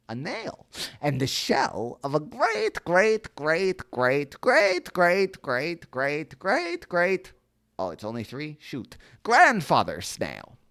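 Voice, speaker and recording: A woman reads a picture book aloud in a deep voice, taking her time over the lines. Her pitch leaps all over the place as she trips on silly made-up words, corrects herself and drops cheeky side comments. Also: vocal fry, a bit bright. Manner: playful, self-interrupting, swears then apologizes. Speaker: storyteller. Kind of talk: reading a children's story aloud with joking asides.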